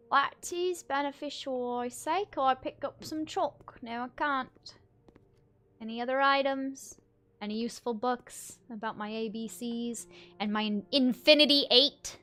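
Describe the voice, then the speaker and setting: A woman's voice: sits high, measured pace, fairly bright tone, faint music behind. A young woman streaming a video game, thinking aloud in a chatty, self-mocking way. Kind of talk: casual gameplay commentary.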